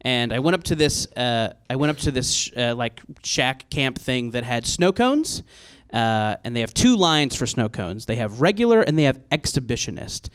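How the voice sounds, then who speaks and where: A man's voice: mid-range voice, very animated, normal speed, smooth. A man in his thirties telling a comic story on stage at a live show, rambling and self-mocking with many fillers. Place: live show venue with audience.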